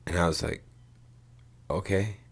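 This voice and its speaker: Very deep, gravelly-voiced man chatting. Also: unhurried. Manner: rambling storyteller, swears casually, says "dude" and "like" a lot. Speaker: podcast co-host. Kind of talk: casual chat.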